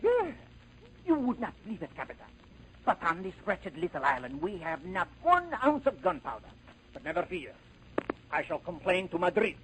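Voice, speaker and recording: A man's voice: high voice, wildly swooping pitch, moderate pace, a bit bright, slight background noise, exaggerated voice, rough recording. An actor playing a vain, pompous male Spanish island governor in 1930s radio acting, with a put-on Spanish accent and grandiose, fussy delivery. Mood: gracious. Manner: grandiose, fussy, self-important.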